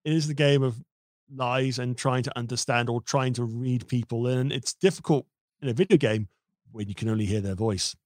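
A man hosting a casual streamed chat, animated and joking, often restarting his sentences. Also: medium pitch, moderate pace, no echo, clean studio sound. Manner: animated, hops into silly voices, many restarts. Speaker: host.

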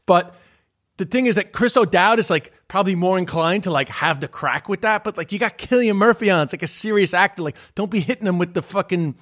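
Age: 40s. Sex: man. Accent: Irish. Pitch: fairly high. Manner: rambling and emphatic. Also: fairly quick, fairly bright tone. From Ireland. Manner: rambling, emphatic, fillers and swearing. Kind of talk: casual chat.

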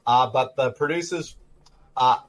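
A man's voice: medium pitch, measured pace. A man casually riffing on an old film with friends, sharing trivia and joking. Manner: jokey, shares trivia, laughs often. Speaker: film commentary co-host.

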